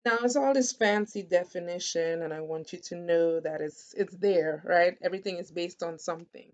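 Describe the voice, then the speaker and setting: Gravelly-voiced woman teaching wellness casually. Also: lowish voice, muffled recording. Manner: conversational, often checks in with "right?". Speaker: wellness vlogger. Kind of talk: casual teaching talk to camera.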